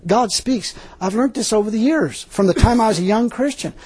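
An older man giving an informal, folksy sermon, laughing often and growing animated as he preaches. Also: sits high, moderate pace, breathy edge.

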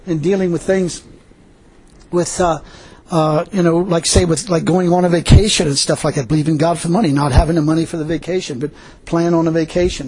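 A man's voice: on the high side, darkish tone, slightly rough, low-quality recording. A man preaching a folksy testimony sermon, telling his story casually and chuckling often as he goes. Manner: casual colloquial speech.

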